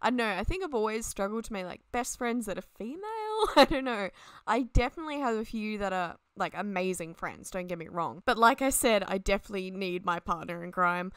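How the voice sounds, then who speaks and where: A woman's voice: mid-range voice, lively intonation, brisk, fairly bright tone, clear, resonant tone, no room sound, studio quality. A young woman chatting and rambling casually at her desk at home as she talks over a game speed build, laughing often. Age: young adult. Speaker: Sims 4 builder and YouTuber.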